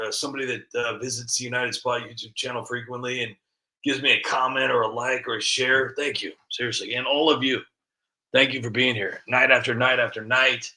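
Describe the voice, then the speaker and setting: Soft-spoken rambling male streamer. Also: medium pitch. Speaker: livestream host. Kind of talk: casual chat.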